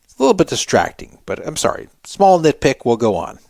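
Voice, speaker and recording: A man hosts a talk radio show, stopping to recap a story for his listeners in a plain, explanatory way. His voice sits at an average pitch and sounds dry and close, with no room around it. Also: sing-song, fairly quick, vocal fry, darkish tone, dry recording.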